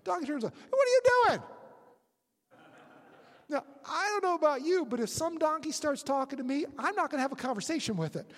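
A preacher retelling a scripture story in a sermon, animated and storytelling, sometimes acting out the characters' lines. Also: sits high, fast talker, hardly any pauses, big-room sound.

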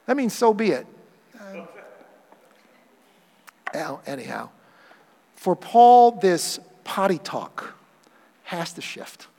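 High-voiced pastor preaching in a reverberant hall. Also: male voice, slow pace, gravelly, pauses often. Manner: animated preaching, acts out quoted voices for humor. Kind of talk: sermon.

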